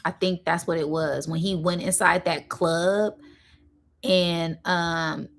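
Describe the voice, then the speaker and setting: Woman, lowish voice, live channeling talk, rambling, filler words, talks straight to viewers. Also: steady tone, gravelly, slight background noise. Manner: rambling, full of fillers, slowing down to stress points; addresses viewers directly and casually. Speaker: spiritual channeler, channel host.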